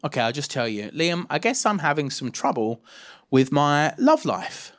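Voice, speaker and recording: A hesitant young woman confiding her feelings, as a man quotes her on stage. The voice stays close to his own and is only a little lowered and softened. She speaks slowly and unsurely. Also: very animated. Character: young woman, gentle and uncertain.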